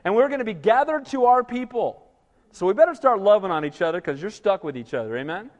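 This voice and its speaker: A male pastor preaching an animated sermon, often asking his congregation "Amen?" for a response. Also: high-pitched, fast, big-room sound, dull audio.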